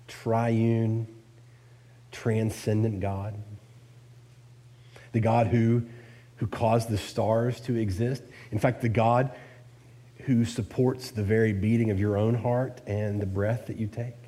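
Mellow-voiced man preaching a sermon. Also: fairly low pitch, steady tone, takes it slowly, pauses often. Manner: expository preaching with rhetorical questions.

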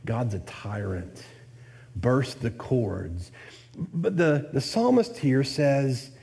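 A man preaching an expository sermon, asking the listeners rhetorical questions and rising in pitch on his points of emphasis. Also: animated, takes it slowly, warm tone.

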